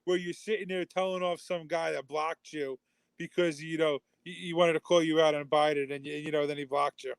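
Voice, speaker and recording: A man joins a podcast as a guest and trades blunt, slangy banter. His voice is fairly high and smooth, and the recording is dry and close. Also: steady tone, normal speed, dry recording. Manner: blunt, slangy trash talk.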